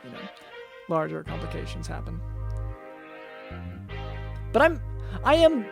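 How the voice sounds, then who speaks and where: Hesitant gravelly-voiced man host. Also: on the high side, very animated, measured pace, loud music behind the voice. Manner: hesitant, stammering. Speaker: podcast host, doctor. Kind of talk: improvised comedy podcast.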